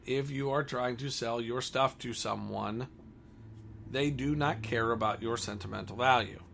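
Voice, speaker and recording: Gravelly man, blunt combative rant, faint background hiss. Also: mid-range voice, measured pace, fairly bright tone. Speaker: comic store owner. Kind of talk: ranting monologue.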